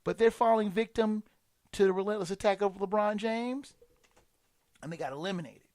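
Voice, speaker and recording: A man's voice: high-pitched, moderate pace, a little mellow. Opinionated man ranting about basketball. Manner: sarcastic, emphatic, with frequent restarts and stumbles. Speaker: sports commentator. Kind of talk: opinionated sports commentary monologue.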